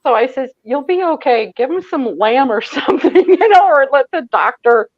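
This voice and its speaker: A woman's voice: high voice, lively intonation, moderate pace, no room sound, highs cut off. A woman from Michigan, a psychic medium, telling a story as an interview guest, laughing often and acting out the voices she quotes. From Michigan, USA. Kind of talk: animated storytelling in a casual interview.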